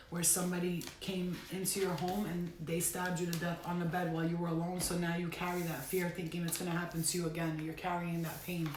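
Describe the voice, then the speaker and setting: A woman's voice: lowish voice, echoey room, a little hiss or hum. A woman giving a casual spiritual reading at home, talking bluntly and emphatically and swearing now and then. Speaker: tarot reader. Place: bedroom at home.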